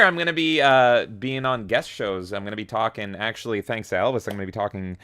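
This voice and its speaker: A man's voice: on the low side, a little fast, pushed and bright, smooth. Male stream host, laid-back, reads chat aloud, swears casually. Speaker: livestream host.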